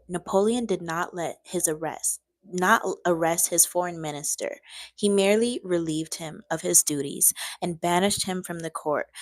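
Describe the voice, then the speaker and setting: A woman's voice: lowish voice, dry recording. A young woman reading a book aloud on a live stream, breaking off now and then to chat with viewers.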